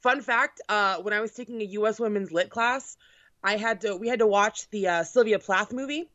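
On a dull, dry lo-fi recording, a woman with a medium-pitched, slightly bright voice talks at a moderate pace. She's chatty and sarcastic, with lots of filler words in casual conversation.

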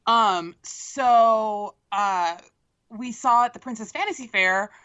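A woman co-hosting a podcast, casually telling an animated story, swearing and laughing as she goes. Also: a little high, takes it slowly, smooth, highs cut off. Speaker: podcast co-host. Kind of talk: casual chat.

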